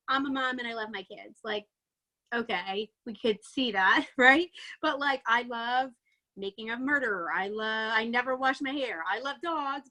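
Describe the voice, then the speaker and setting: A woman coaching her sales team in a chatty, excitable motivational talk, a little out of breath, peppering it with "like" and "right?". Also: sits high. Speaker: network marketing team coach. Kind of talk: energetic motivational training talk.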